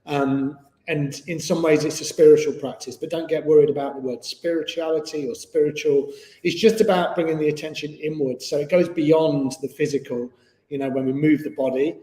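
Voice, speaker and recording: A man's voice: fairly high pitch, steady tone, a little fast, mellow. A man teaching a live online yoga class in an easygoing, chatty way with many fillers. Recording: echoey room with long reverb.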